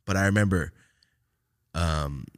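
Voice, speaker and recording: Man, young adult, very low pitch, casual podcast chat, profane, animated storytelling. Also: measured pace. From California. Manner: animated storytelling, laughs a lot, cusses constantly. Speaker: podcast host.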